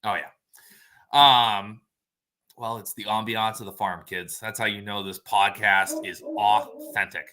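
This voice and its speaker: A man's voice: lowish voice, steady tone, slow, a crowd in the background. A man co-hosting a casual farm podcast, joking and laid-back, swearing casually. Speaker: podcast co-host, butcher. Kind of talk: casual chat.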